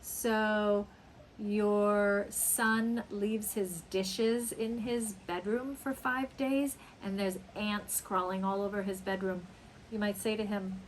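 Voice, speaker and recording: A woman teaching an English lesson, speaking slowly and acting out example phrases with big, dramatic exclamations. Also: mid-range voice, flat delivery, a little hiss or hum, low-quality recording. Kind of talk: slow, emphatic English lesson.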